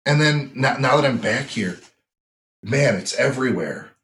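A man's voice: medium pitch, expressive, moderate pace, fairly bright tone, slight background noise. A man from central Wisconsin in his thirties, chatting casually and wryly, often mimicking people he quotes. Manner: wry, mocking, quotes people in put-on voices. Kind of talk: casual chat.

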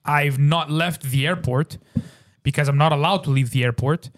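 A man co-hosting a podcast, telling a story in a casual, animated way, swearing freely and saying bro a lot. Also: fairly high pitch, moderate pace. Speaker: podcast co-host.

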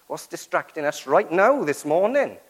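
A man's voice: on the high side, big pitch swings, moderate pace, slightly rough, rough recording. A man preaching a sermon to his church, acting out quoted prayers and asking rhetorical questions.

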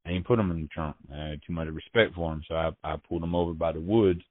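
Low-pitched man, profane street-slang storyteller, halting restarts, heard over a tinny phone line. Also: steady tone. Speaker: interviewee. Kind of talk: casual storytelling.

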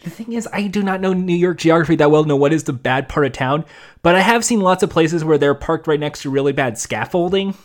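Chatty man with a higher voice. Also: brisk. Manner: rambling, jokey, many fillers. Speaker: podcast co-host. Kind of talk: casual chat.

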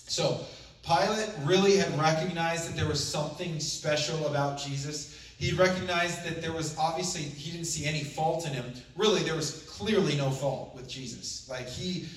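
A man's voice: a little high, moderate pace, recorded from a distance. Man preaching in a very echoey room. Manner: casual, conversational retelling of scripture. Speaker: pastor. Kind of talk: sermon with scripture reading.

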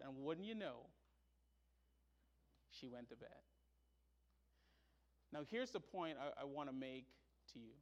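A middle-aged man preaching a sermon as pastor, telling stories with sudden loud, high bursts.

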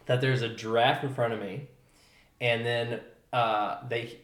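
A young man telling a story in casual chat, animated, with many fillers, trailing off quietly. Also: mid-range voice, unhurried, reverberant. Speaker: podcast guest.

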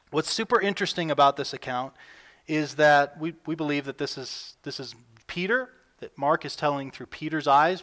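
A man preaching a sermon as pastor, earnest, with his voice lifting and getting louder when he reads scripture aloud. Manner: earnest, rises in pitch and volume when reading scripture.

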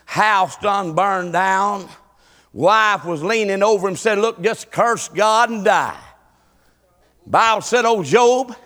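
High, bright-voiced preacher man. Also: slow pace. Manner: shouting, rising and falling Southern preaching cadence. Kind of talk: sermon.

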